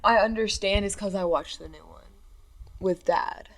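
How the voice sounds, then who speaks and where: A woman's voice: medium pitch, moderate pace, rough recording. A teenage girl co-hosting a casual podcast, rambling with lots of "like" as filler. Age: teens. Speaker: podcast co-host.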